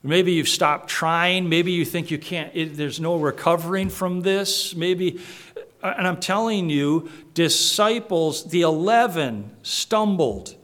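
A man's voice: a little high, slow, fairly bright tone. A man preaching a conversational sermon, with frequent restarts and asides to the congregation. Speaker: pastor.

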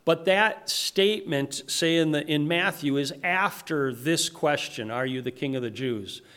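A man's voice: a little high, a little slow, fairly bright tone, clear, resonant tone. A man teaching through a Bible passage verse by verse, explaining it in plain everyday paraphrase and often restarting his sentences. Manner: frequent restarts and repeated words.

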